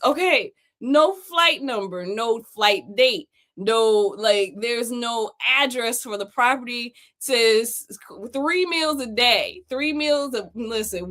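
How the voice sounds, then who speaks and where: Blunt, laughing woman host. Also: fairly high pitch. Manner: animated, laughs often while talking; blunt and mocking. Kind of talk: livestream commentary.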